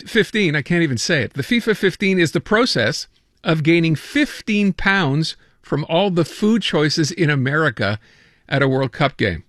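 A male radio host running a casual news segment, talking in a loose, joking way and tripping over his own words. His voice sits a little high for a man. It sounds close and dry. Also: fairly bright tone, no echo. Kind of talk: casual talk radio banter.

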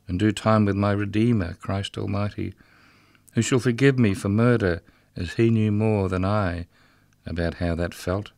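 A man's voice: on the low side, creaky, no room sound, studio quality. A man reading a rhythmic dramatic monologue as the ghost of a murdered, drunken prison guard, bitter and mocking. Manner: rhythmic, incantatory delivery.

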